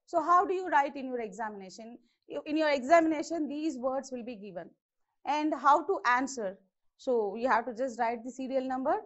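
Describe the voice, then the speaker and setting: Indian english teacher lady, high voice, keeps saying okay, kinda muffled lo-fi sound. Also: brisk, fairly bright tone. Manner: repetitive, checks in with "okay" and "isn't it". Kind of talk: classroom grammar lesson.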